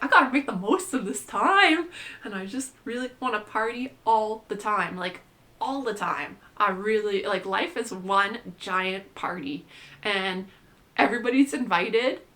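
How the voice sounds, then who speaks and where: A woman's voice: mid-range voice, sharp tone. A young adult woman vlogging in a casual, rambling monologue, chatty and irreverent, filling her talk with "like.". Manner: chatty, says "like" constantly, playful and irreverent.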